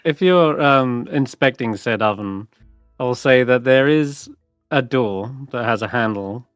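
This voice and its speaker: A man narrating as dungeon master, relaxed and hesitant, with plenty of fillers. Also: medium pitch, measured pace, clean tone, no echo, clean studio sound, faint music behind. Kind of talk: narrating a tabletop game.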